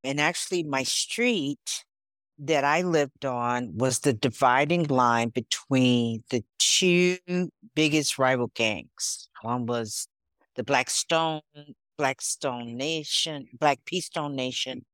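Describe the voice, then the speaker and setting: A woman in her sixties from Chicago, a guest on a podcast, telling stories in a casual, animated way. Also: a bass voice, takes it slowly, dry recording. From Chicago, USA. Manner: storytelling, animated, laughs often. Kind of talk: casual interview chat.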